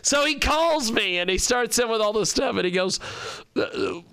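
A man's voice: extremely high pitch, expressive, normal speed, vocal fry, pushed and bright, smooth, dry recording. A man hosting a radio talk show in casual chat, telling rambling stories and laughing often.

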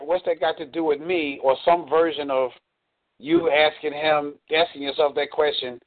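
A man in a coaching call, explaining earnestly and drawing on examples. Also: on the high side. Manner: earnest, explanatory, uses y'all. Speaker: dating coach. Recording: tinny phone line.

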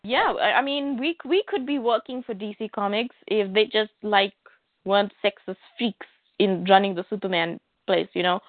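A woman's voice: medium pitch, normal speed, no echo. A woman co-hosting a casual chat about comics, rambling and frank with many fillers. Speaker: podcast co-host. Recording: dry, tinny phone-like line.

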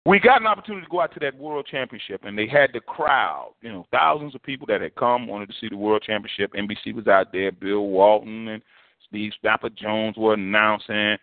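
A man's voice: fairly low pitch, fairly quick, no echo. Man, preacher, storytelling sermon, conversational, tinny phone-like sound, dry. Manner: conversational, animated storytelling with acted quotes.

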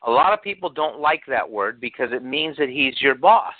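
Storytelling pastor on a tinny line. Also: male voice, medium pitch, expressive, moderate pace. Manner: storytelling, acts out quotes, asks the congregation questions. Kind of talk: sermon. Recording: tinny phone-like sound.

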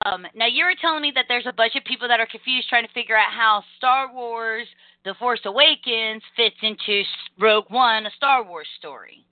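A young adult woman hosting a casual podcast, talking in fast energetic rambles and acting out quotes. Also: a little high, dry recording. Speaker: podcast host. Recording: tinny phone-line call audio.

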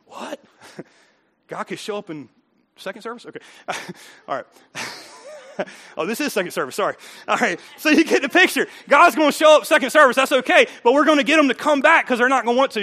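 A man preaching a sermon as pastor in a church, animated and conversational, asking the congregation rhetorical questions and acting out what people will say. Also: high voice.

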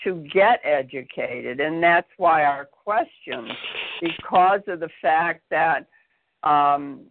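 High-voiced, firm male host. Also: takes it slowly, vocal fry, slight background noise. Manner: polite, firm moderator. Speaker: show host. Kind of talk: moderating a panel talk show. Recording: dry tinny phone-like sound.

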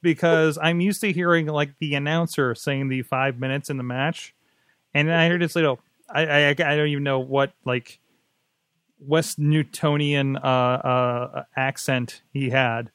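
A man hosting a casual wrestling podcast. He jokes, laughs often and swings between loud and quiet. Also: fairly high pitch, measured pace, dry recording. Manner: laughing, joking, animated swings in loudness. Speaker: podcast host. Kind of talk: casual chat.

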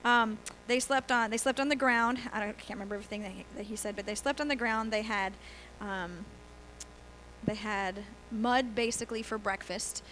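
A woman's voice: on the high side, moderate pace, a bit bright, slight background noise, poor audio. A middle-aged woman pastor preaching a sermon in a church, telling stories in a chatty way with laughs and quoted voices. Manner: conversational storytelling with laughs and acted quotes.

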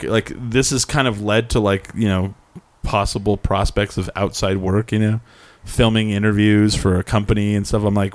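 A man's voice: on the low side, steady tone, moderate pace, no echo. Young male co-host, rambling storyteller, dry close sound. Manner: rambling storyteller, acts out quotes. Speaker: podcast co-host. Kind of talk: casual chat.

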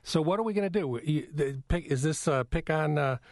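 A man's voice: a little high, brisk, no room sound. A man with a Chicago accent, a guest in a radio studio, joking along with the hosts. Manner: good-humored, laughing along. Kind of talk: radio talk show banter.

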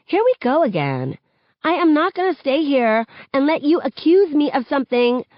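A woman reading aloud, voicing a defensive, sharp-tongued teenage girl with shrill, accusing lines. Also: big pitch swings, normal speed, no room sound, highs cut off. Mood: indignant.

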